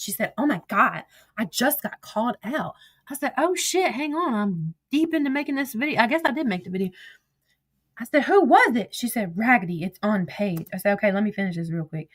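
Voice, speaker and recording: A woman's voice: medium pitch, pushed and bright. Chatty woman reading her messages aloud. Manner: chatty and profane, laughs often, digresses. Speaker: commentator. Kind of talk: casual commentary reading text messages aloud.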